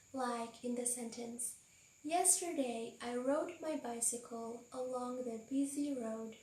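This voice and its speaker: A woman's voice: on the high side, darkish tone, reverberant, recorded from a distance, slight background noise, rough recording. A woman teaching English pronunciation, patient and carefully enunciated, repeating example words. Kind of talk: slow, clear teaching explanation.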